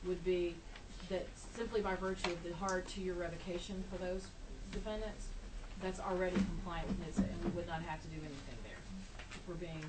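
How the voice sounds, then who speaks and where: A woman's voice: lowish voice, steady tone, a little fast. A woman testifying before a legislative committee, giving precise technical explanations in a formal hearing. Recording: distant mic with loud background noise.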